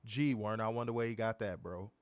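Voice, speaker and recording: A man's voice: on the low side, fast, clean tone, no room sound. A man co-hosting a podcast, ranting in an exasperated, sarcastic, profane way and calling his listeners y'all. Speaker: podcast co-host reviewing wrestling. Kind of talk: casual ranting review.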